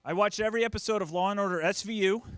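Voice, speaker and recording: A man's voice: high voice, rapid-fire, fairly bright tone, smooth, dry recording. A man in his thirties doing a stand-up comedy set, self-deprecating and acting out the people in his stories. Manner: self-deprecating, acts out quoted voices.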